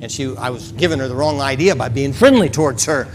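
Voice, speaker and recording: A man's voice: mid-range voice, expressive, quick pace, a little hiss or hum. A man preaching a sermon in a church, telling a story in a folksy way and acting out its scenes. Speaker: pastor.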